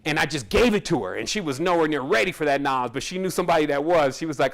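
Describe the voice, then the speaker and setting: Man, high-pitched, spiritual teacher, loose animated storytelling monologue that acts out quoted voices. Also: fast, creaky. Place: Costa Rica.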